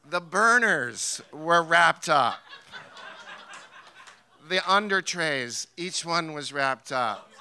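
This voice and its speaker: A man's voice: medium pitch, bright, forceful tone, slight background noise. A man from New Hampshire telling a wry, amused family story to a live theater audience. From New Hampshire, USA. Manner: wry, amused, laughs through his story. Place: theater stage.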